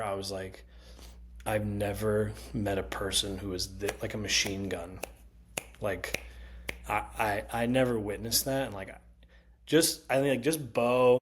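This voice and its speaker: Lively, foul-mouthed male storyteller. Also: lowish voice. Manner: animated, profane storytelling with lots of laughter. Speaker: comedian guest. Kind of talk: casual podcast chat.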